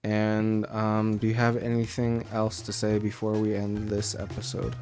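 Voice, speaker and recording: A man's voice: fairly low pitch, monotone, a little slow, darkish tone, soft background music. A man co-hosting a podcast, telling a workplace story in rambling casual chat, full of fillers and swearing. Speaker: podcast co-host.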